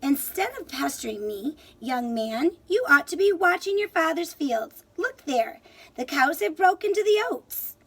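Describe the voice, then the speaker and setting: Woman doing a sharp-tongued old leprechaun. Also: high-pitched, measured pace. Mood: scolding. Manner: sharp, scolding. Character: sly old male leprechaun shoemaker.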